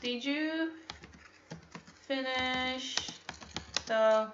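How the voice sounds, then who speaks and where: A woman teaching an English class online, speaking slowly, repeating words and checking that the students understand. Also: sits high, background noise. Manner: slow, repetitive, checking understanding. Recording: muffled, echoey room.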